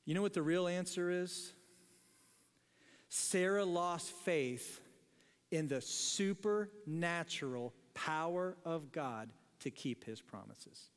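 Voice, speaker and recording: A man's voice: fairly high pitch, expressive, slow, clean tone, big-room sound. A man preaching a sermon as pastor in a church, in a casual, joking way, often laughing at his own lines. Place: church sanctuary.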